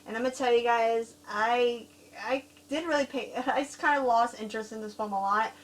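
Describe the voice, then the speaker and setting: A woman co-hosting a casual horror-film review, telling stories in a giggly, animated way. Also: on the high side, a little fast, rough recording. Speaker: co-host reviewing horror films. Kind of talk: casual chat.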